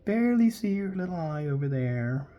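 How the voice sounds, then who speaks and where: A man's voice: a little high, sing-song, normal speed, dull audio. A man chatting casually while he sketches live, rambling into jokey stories as he goes. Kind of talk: casual commentary while drawing.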